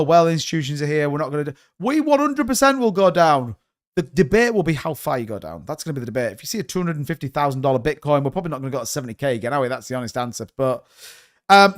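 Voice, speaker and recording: A man in his thirties, hosting a crypto livestream, talking bluntly and rambling, sometimes swearing. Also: on the high side. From United Kingdom. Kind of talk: casual livestream chat.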